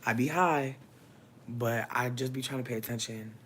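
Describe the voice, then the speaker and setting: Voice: moderate pace, a bit bright. A livestream host holds forth to viewers in a casual but impassioned monologue. The delivery is preachy and profane, with a mid-range voice that climbs sharply when pressing a point. Faint ambient noise sits under the voice. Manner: addresses viewers and chat directly; pitch swings up sharply for emphasis. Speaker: livestream host giving readings.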